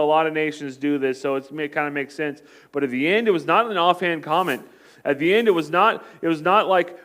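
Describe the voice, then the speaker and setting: A male pastor delivers a sermon with a notably high voice. He tells the story with animation, pushing hard on key lines and then dropping to a hush. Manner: animated storytelling, swinging between loud and hushed.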